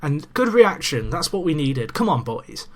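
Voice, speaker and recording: A young man in casual let's-play commentary, chatty and excitable with self-mocking asides, talking into a desk microphone. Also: on the high side, moderate pace. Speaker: gaming commentator.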